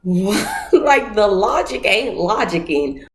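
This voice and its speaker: A woman recaps a reality show in a loose, casual way, jumping into put-on voices to act out scenes. Her voice sits at a middle pitch and rings in a roomy, echoey space. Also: slow. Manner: animated, acts out scenes in voices, laughs. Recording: roomy echo.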